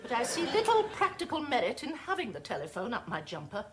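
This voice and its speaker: Hyacinth, a pompous snob. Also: female voice, on the high side, wildly swooping pitch, quick pace. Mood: haughty. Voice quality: affected, pompous, prim diction. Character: snobbish pompous middle-aged housewife, social climber. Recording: TV sitcom clip with loud noise and laugh track.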